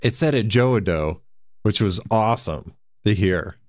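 A man's voice: lowish voice, expressive, measured pace, dry recording. A man streaming a horror game, giving laid-back casual commentary and chuckling often.

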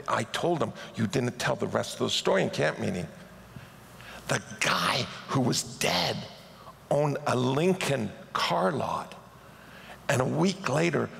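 A man's voice: medium pitch, slow, creaky. A man preaching a sermon, telling stories with animation and acting out the people in them. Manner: animated storyteller who acts out the people in his stories. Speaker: pastor. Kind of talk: sermon storytelling. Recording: echoey hall.

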